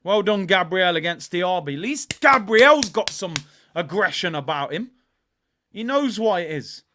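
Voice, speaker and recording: A young man calls a football match live as a fan, talking in slang and erupting into shouts at the players. His voice sits high and bright, with a forceful edge. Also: expressive, measured pace. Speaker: fan watchalong host. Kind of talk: live football watchalong commentary.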